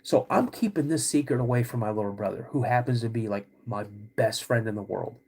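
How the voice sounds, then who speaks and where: Husky-voiced man telling a story. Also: mid-range voice, dark tone. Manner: halting, with frequent restarts and "like". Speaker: podcast host. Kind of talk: personal storytelling.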